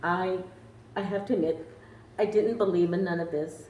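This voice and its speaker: A woman's voice: fairly low pitch, steady tone, moderate pace, a little mellow. An older woman from Arizona giving an emotional personal testimony, earnest and tearful, laughing between lines. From Arizona, USA. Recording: roomy echo from a distant mic, faint noise.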